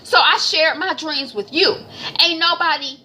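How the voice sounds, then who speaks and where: A woman voicing Benny, an angry young man who is defensive toward his sister, shouting in a high voice. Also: measured pace, a little hiss or hum, exaggerated voice. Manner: shouting, exasperated.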